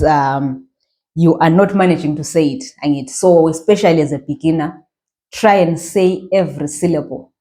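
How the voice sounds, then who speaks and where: A woman's voice: fairly low pitch, mellow. A woman with a Zimbabwean accent teaching a language lesson, patiently repeating phrases and checking in with her learners.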